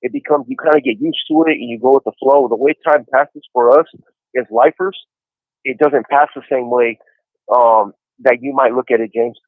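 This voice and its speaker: A man's voice: mid-range voice, animated, normal speed, dry recording. Easygoing man on a tinny phone line. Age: 40s. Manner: easygoing storyteller, many "you know" fillers. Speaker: incarcerated caller on a podcast. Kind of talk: casual phone chat. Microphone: phone handset.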